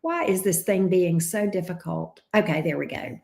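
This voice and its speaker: A gravelly, slightly mellow low voice with a Southern drawl belongs to this woman reading tarot on a livestream at a moderate pace. Chatty and warm with endearments like babes and love bug, she's recorded in a room with noticeable echo.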